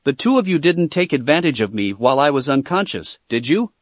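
A man's voice: medium pitch, sing-song, a little fast, no room sound. A man voicing a cold, aloof teenage boy ninja who speaks in curt, chilly lines.

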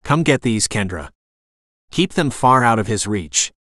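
Man reading a calm, commanding ex-SEAL. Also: fairly low pitch, measured pace, no echo, clean studio sound. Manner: calm, clipped orders. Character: tough retired male navy SEAL, calm, commanding.

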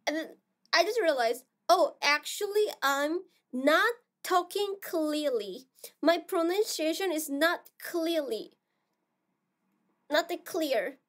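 A young woman streamer with a Korean accent chats casually with her viewers in a high-pitched, expressive voice. She is soft-spoken and halting, full of fillers and restarts.

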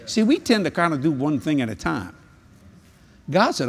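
An older man preaching a humorous sermon at a convention, telling jokey stories and breaking into sudden high-pitched exclamations. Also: very animated, normal speed, slight background noise. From New Orleans, Louisiana. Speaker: evangelist. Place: large convention hall.

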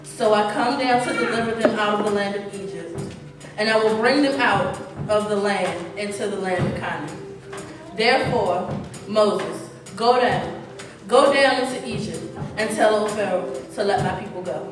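A woman voicing God as a commanding, solemn male figure in a church reading, with slow, emphatic declamation. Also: medium pitch, natural voice. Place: large church. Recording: echoey church from far off, music behind.

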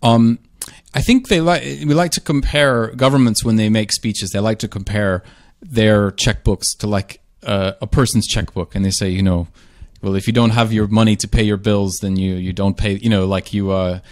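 A man's voice: fairly low pitch, moderate pace, hardly any pauses, no echo. An American man from the southern United States hosting a radio talk, thinking aloud with frequent restarts. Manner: thoughtful, hesitant with restarts. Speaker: host. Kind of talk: casual radio conversation.

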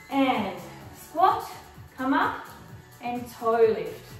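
Woman fitness instructor, high voice, encouraging, far from the mic, faint music behind. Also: very animated, takes it slowly, heavy reverb. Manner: encouraging, cueing moves and counting time. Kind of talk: guided workout instruction.

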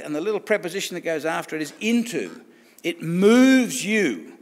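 Aussie guy preaching, chatty with lots of questions, bit higher voice, echoing church. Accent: Australian. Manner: conversational, restarts and rhetorical questions. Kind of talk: sermon. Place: church hall. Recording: long church reverb.

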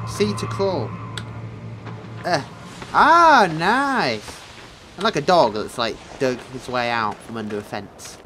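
Jumpy young man shouting at scares. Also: fairly high pitch, sing-song, slow, pauses often, a little hiss or hum, rough recording. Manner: jumpy, joking, yelps and swears at scares. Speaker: gaming video host. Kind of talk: horror game commentary. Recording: game music loud behind voice.

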